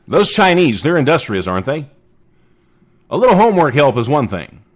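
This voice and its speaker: A man's voice: fairly high pitch, very animated, normal speed. A man hosting his own podcast, riffing sarcastically on odd news stories with rambling asides and restarts. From United States. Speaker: podcast host. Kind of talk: casual comedic news commentary.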